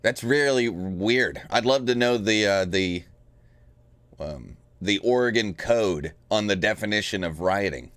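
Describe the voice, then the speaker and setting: A man co-hosting a political talk podcast, thinking out loud in a casual way. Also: on the low side, animated, measured pace, smooth, dry recording. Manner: musing, thinks aloud. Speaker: podcast co-host.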